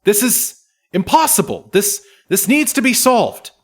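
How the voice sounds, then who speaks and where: A man voicing an indignant female gnome scholar who yells in shrill exasperation. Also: big pitch swings, unhurried, heavily acted. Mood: pleading.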